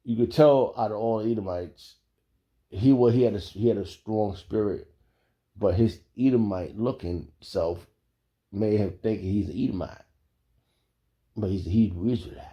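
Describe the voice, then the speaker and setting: A man telling a casual story, animated and profane, laughing often. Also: lowish voice, moderate pace, pauses often.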